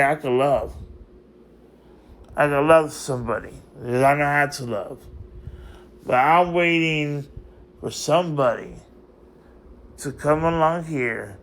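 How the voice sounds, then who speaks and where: A man's voice: fairly high pitch, a bit bright. Rambling, emotional man confronting someone. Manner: repetitive, circling back on phrases. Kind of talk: unscripted monologue to camera.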